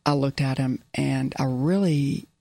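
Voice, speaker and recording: Middle-aged woman, earnest interview storyteller, gravelly tone, dry close sound. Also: extremely low pitch, measured pace, warm tone, no room sound. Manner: earnest, repeats key phrases. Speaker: business owner guest.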